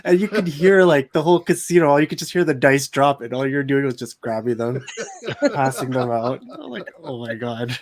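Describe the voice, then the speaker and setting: A man's voice: medium pitch, animated, normal speed. A man co-hosting a casual podcast, chatting with a chuckle and reading out messages from listeners. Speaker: podcast co-host, casino dealer.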